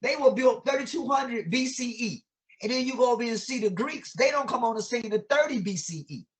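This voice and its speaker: A man's voice: extremely high pitch, brisk. Male educator guest; emphatic, sermon-like teaching delivery with lots of rhetorical questions and casual vernacular phrasing. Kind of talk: impassioned conversational teaching.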